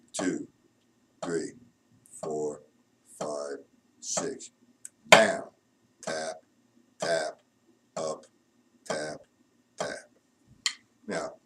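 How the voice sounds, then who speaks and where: A man's voice: low voice, fairly bright tone, distant mic, a little hiss or hum, rough recording. A man teaching a drum lesson, counting beats aloud and explaining rudiments in a plain, instructive way.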